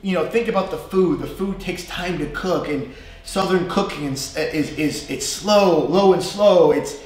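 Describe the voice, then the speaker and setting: A man's voice: high-pitched, measured pace. Chatty New York man in an echoey room. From USA. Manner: chatty, animated, imitates regional accents. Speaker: English teacher. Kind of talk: live-streamed casual lesson. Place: language school classroom. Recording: very echoey room, faint noise.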